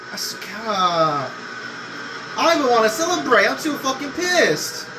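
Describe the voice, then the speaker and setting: A young man giving gameplay commentary on a racing game, excitable, swearing and yelling at the game. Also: very high voice, a little slow, noisy background.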